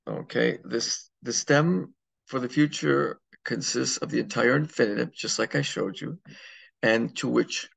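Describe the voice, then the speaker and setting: In a classroom, a male Spanish teacher works through grammar examples one at a time and often says "okay?" to make sure students follow. He's mid-pitched and measured, with a creaky, breathy, fairly bright voice.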